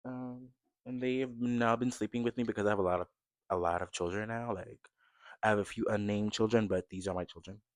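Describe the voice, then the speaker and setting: An American man in his twenties vlogs casually to camera from his bedroom in a low, deep voice. His chatty, rambling talk runs a little fast with fairly even intonation, growing upbeat as he shows off things around him. The sound is close and dry, with no room echo.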